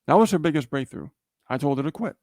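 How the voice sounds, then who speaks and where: A man's voice: fairly high pitch, lively intonation, fast talker, a little mellow, dry recording, studio quality. A man co-hosting a livestream, telling a story in a casual motivational way and often checking in with "okay?" and "right?". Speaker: livestream co-host.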